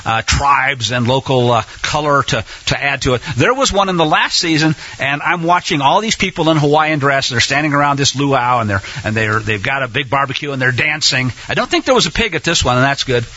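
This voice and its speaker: A man's voice: medium pitch, a little fast, hardly any pauses, sharp tone. A man hosting a religious radio talk show, rambling with enthusiasm and many fillers and restarts. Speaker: radio host. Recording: dull lo-fi radio sound.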